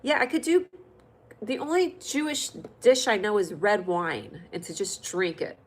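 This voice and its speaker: A woman's voice: medium pitch, measured pace, poor audio. A woman from California hosting a comedy livestream, chatting with viewers in a playful, joking way. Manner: playful, jokey, lively and loud at times. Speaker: livestream host. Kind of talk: casual livestream chat reading comments.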